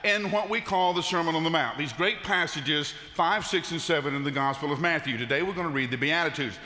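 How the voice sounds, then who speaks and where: Casting: middle-aged male pastor, bright and forceful tone, folksy sermon storyteller, reverberant church hall. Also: a little high, fairly quick. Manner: folksy storytelling with frequent "uh" fillers. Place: church sanctuary.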